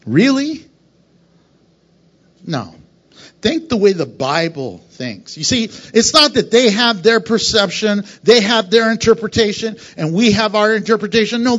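A man preaching a sermon to his congregation as pastor, animated and conversational, slipping into quick lines of imagined dialogue. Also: sits high, highs cut off. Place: church sanctuary.

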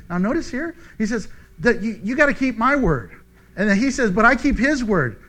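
A man teaching a sermon verse by verse, animated and joking, acting out the quoted speech. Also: sits high, moderate pace. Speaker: preacher.

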